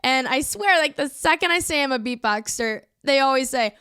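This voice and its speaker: Young woman vlogger, getting over a cold, giggly casual chatter, smooth clear tone. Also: sits high, lively intonation, normal speed, bright, forceful tone, no room sound, studio quality. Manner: chatty, giggly, lots of "like" fillers. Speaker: beatboxer and YouTuber. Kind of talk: casual vlog chat.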